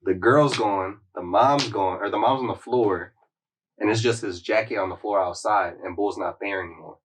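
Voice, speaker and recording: A man's voice: fairly low pitch, normal speed, husky, far from the mic. A man hosting a podcast, casually retelling a story in a slangy, rambling way with lots of "like.". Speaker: podcast host.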